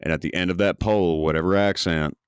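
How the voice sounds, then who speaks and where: A male podcast co-host with a deep, low voice who talks in a brash, emphatic way. He swears freely through casual chat. The sound is close and dry. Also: fairly even intonation, brisk, clear, resonant tone, no echo.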